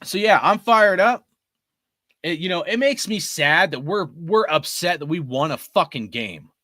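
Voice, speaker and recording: Forties guy ranting hard, bright high voice jumping all over, swearing nonstop. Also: lively intonation, unhurried, no room sound, clean studio sound. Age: 40s. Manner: profane, heated ranting. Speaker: sports fan commentator. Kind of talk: ranting fan commentary.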